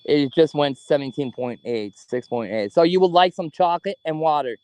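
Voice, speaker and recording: A man, slowly asking spirits questions during a ghost hunt in a cemetery. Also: on the high side, a little mellow, smooth, no echo. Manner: slow, coaxing questions with long pauses. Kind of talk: paranormal investigation, talking to spirits. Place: cemetery at night.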